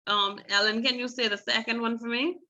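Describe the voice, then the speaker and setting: A woman's voice: a little high, fairly even intonation, a little fast, sharp tone, rough recording. A woman teaching a beginner Spanish class, explaining patiently step by step and calling on students.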